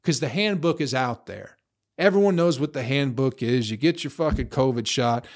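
A man's voice: mid-range voice, normal speed. A young man in a profane, rambling casual rant, blunt, tossing in "bro" and "you know" often. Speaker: vlogger.

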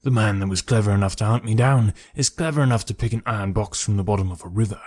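A man's voice: fairly low pitch, fast, a little mellow, close to an everyday voice. Man voicing a bitter, defiant ex-convict. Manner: passionate, defiant. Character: bitter, defiant middle-aged male ex-convict.

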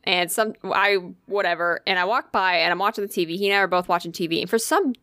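A woman co-hosting a podcast in loose, casual chat, winding through a story with plenty of "like" and casual swearing. Her voice sits at an ordinary middle pitch. It is recorded dry and close, with no room sound. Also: quick pace, bright, forceful tone, no room sound. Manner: rambling storyteller, lots of "like", swears freely. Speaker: podcast co-host.

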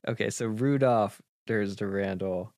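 A man improvising a comic holiday story, animated and laughing often. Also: fairly low pitch, a little slow.

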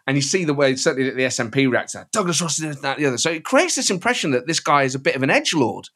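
A man guesting on a podcast, chatting in an animated storytelling way. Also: medium pitch, rapid-fire, slightly rough. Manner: animated, storytelling, slips into impressions. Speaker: guest, satirist and impressionist. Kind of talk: casual podcast chat.

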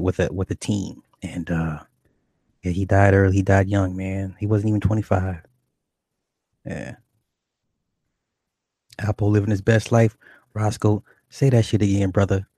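Low dark-voiced man chatting casually. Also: little pitch movement, measured pace, pauses often, no room sound. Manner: rambling, profane, reads chat aloud. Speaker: livestream host. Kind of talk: casual chat with viewers.

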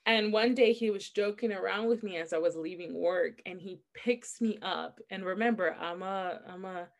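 Brief: young woman podcast co-host, chatty and animated, quick to laugh while telling stories. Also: medium pitch. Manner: animated storyteller, laughs often. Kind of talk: casual book chat.

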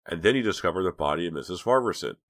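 Male reader doing doubtful cop in an audiobook, loud, dry close sound. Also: deep voice, racing, no echo. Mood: disbelieving. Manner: flat, disbelieving. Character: disbelieving male police detective.

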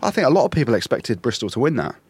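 A man hosting a casual rugby podcast, chatty and quick to laugh, rambling through match analysis. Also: medium pitch, very animated, a little mellow, husky, no echo. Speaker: podcast host.

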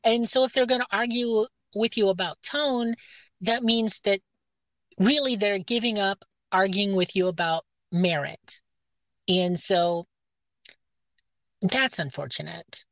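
A woman's voice: medium pitch, takes it slowly, dry recording, poor audio. A woman guest in a casual podcast chat. She is friendly, agrees readily and laughs often. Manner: warm, agreeable, laughs easily. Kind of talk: casual conversation.

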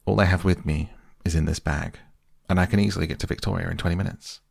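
Grave, earnest painter voiced by a man reading aloud: very deep and gravelly, softly read for a bedtime audiobook. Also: fairly even intonation, fast talker, no room sound, clean studio sound, heavily acted. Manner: earnest, pleading.

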